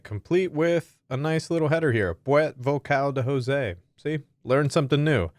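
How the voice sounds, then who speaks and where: A man hosting a software tutorial, walking through settings in a friendly, jokey, energetic way. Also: medium pitch, dry recording, studio quality. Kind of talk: upbeat screen-recorded tutorial.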